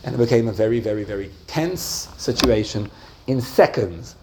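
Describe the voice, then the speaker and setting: Man, teacher, lecturing a class, animated storytelling, asks the audience questions, faint background noise. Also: medium pitch, normal speed. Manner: animated storytelling, rising excitedly and dropping softly.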